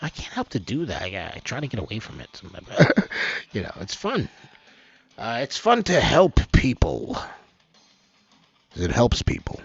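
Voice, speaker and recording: A man with a gravelly voice talks slowly and lazily, rambling through his own homemade news commentary. His pitch leaps all over the place, from low muttering to loud, laughing outbursts. The sound is dry and dull, like a cheap lo-fi mic. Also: huge pitch swings, soft background music. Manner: rambling, swears, laughs often, swings from mumbling to loud outbursts. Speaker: host of an amateur online news show.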